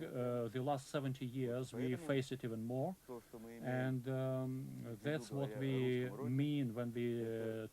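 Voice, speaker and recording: A man from Russia speaking as a panel guest in a second language, halting and searching for words. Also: mid-range voice, poor audio. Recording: crowd noise in the background.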